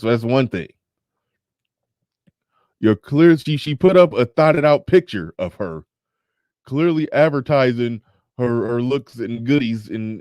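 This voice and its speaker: A man's voice: medium pitch, a little mellow, dry recording, clean studio sound. A man hosting a live show, commenting in a chatty, wry way and reading pages aloud. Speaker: podcast host.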